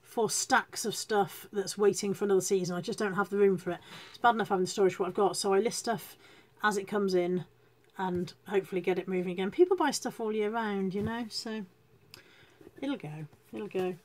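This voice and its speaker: Her voice is mid-range and a little mellow, and she speaks fairly quickly while hosting a reseller live stream. Chatting loosely with viewers, she's self-deprecating and welcomes people as they arrive.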